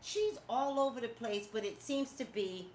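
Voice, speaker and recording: A woman hosting a casual live-stream talk show, gossiping in an animated way and talking straight to her viewers. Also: fairly high pitch, moderate pace. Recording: echoey room with faint noise.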